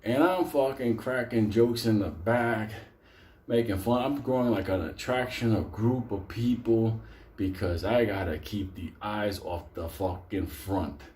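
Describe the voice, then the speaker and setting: A man's voice: on the low side, measured pace, darkish tone. A man telling a story to a live audience, swearing constantly and laughing as he goes.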